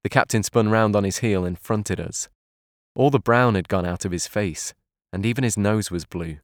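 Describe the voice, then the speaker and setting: A man narrating an audiobook in a calm, measured reading voice. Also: on the low side, no room sound, studio quality.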